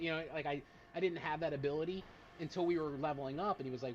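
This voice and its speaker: A man's voice: a little high, fast talker, a little hiss or hum. A man in casual chat about his tabletop game, rambling and swearing freely with constant "like" fillers. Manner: profane, rambling, heavy use of filler "like". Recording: slightly muffled lo-fi stream audio.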